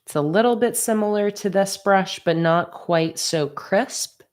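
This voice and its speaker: A woman's voice: mid-range voice, measured pace, darkish tone. A woman livestreaming as she designs stickers, chatting casually and reading viewer comments aloud with easy laughs. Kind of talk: casual livestream chat while drawing.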